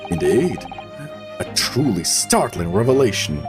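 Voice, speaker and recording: A man with a Russian accent reading the lines of a pompous, eccentric male detective in a theatrical, drawn-out way, with game music behind. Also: lowish voice, big pitch swings, voice pushed down. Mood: grandiose.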